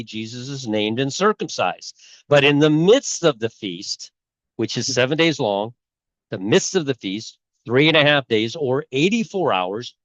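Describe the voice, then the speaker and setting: A man's voice: mid-range voice, a bit bright, no echo, dull audio. A middle-aged man talking casually and rambling, with many fillers and restarts, as a channel host. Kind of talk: casual talk on bible timelines.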